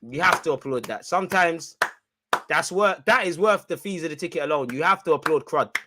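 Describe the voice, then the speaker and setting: A man's voice: on the high side, animated, a little fast, very noisy. A man hosting a live football watch-along, chatting in slangy banter, reacting to the play and often breaking into laughter. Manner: reacts loudly to goals and chances.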